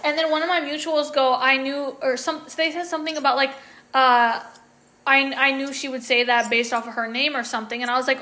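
A woman's voice: high voice, steady tone, fast, sharp tone. A young woman co-hosting a podcast over a phone call, venting in a heated, profane casual chat. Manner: profane, heated ranting storyteller. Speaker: podcast co-host.

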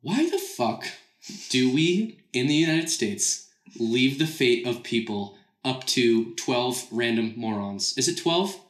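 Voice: medium pitch, lively intonation, slow pace. A podcast host chatting and ranting casually with friends, swearing freely. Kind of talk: casual chat. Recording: roomy echo.

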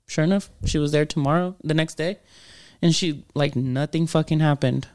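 Creaky, dry-voiced young man bantering. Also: a little high, steady tone, brisk, darkish tone, no echo. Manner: joking, profane, calls people bro. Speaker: podcast co-host. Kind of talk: casual banter.

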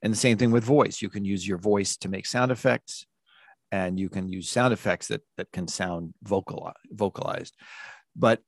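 A man's voice: lowish voice, steady tone, moderate pace, vocal fry, dry recording, clean studio sound. A middle-aged man being interviewed about his work in music and sound design, telling stories casually and rambling, with many restarts and fillers.

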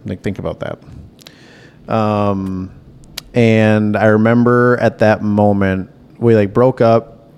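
A young man, a podcast guest, chatting casually and telling stories in a loose, frank way with a gravelly voice. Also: lowish voice, little pitch movement, slow, pauses often, darkish tone. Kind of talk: casual chat.

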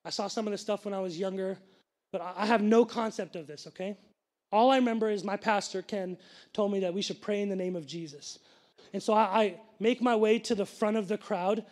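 A young man preaching as a pastor, telling a personal story with lively asides to the congregation. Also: high-pitched, a little fast. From grew up Sikh, family from India.

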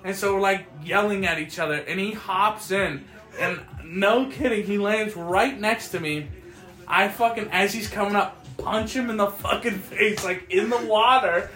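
A man's voice: sits high, moderate pace, roomy sound. A man telling stories in a casual chat, profane and laughing as he goes. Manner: profane, laughing, animated storytelling. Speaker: podcast host.

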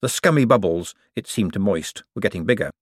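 A male narrator reads a comic novel aloud with wry, expressive storytelling. His pitch is animated and lively, and the recording is dry and close. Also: a little fast, dry recording. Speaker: audiobook narrator. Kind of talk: scripted narration.

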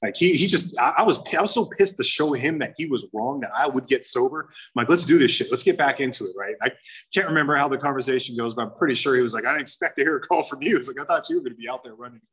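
A man's voice: medium pitch, fast, a bit bright, slightly rough, rough recording. A young man candidly telling his own recovery story to a meeting, rambling and acting out remembered conversations. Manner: candid, rambling, full of "you know" and quoted dialogue. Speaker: speaker sharing a recovery story. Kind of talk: personal testimony to a meeting.

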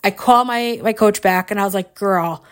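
A woman in her forties hosting a podcast, telling a personal story in a casual, animated way, with frequent laughs and fillers. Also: medium pitch, moderate pace. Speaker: podcast host.

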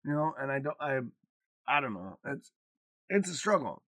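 A man's voice: a little high, sing-song, normal speed, fairly bright tone, dry recording, studio quality. A man in his forties co-hosting a podcast in casual chat, talking frankly and confessionally and swearing freely. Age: 40s. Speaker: podcast co-host.

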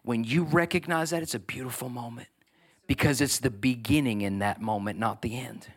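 A middle-aged man, preaching a sermon as pastor in an animated, joking way with asides to the congregation. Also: medium pitch, fairly quick, slightly rough.

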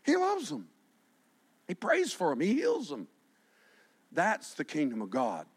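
Impassioned high-pitched male preacher. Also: huge pitch swings, unhurried, husky. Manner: impassioned, swinging from hushed to shouting. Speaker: pastor. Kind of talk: sermon.

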